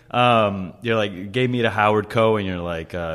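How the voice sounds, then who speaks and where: Man, low voice, casual chat host, swears a lot, laughs while talking. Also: normal speed, a bit bright. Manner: swears freely, laughs while telling stories. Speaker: podcast host.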